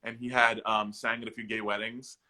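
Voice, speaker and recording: A man, an actor and comedian, telling personal stories in a casual interview with animated jokes and impressions. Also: fairly low pitch, brisk, low-quality recording. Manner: animated, jokey, mimics the people in his stories; loose, with frequent fillers and restarts.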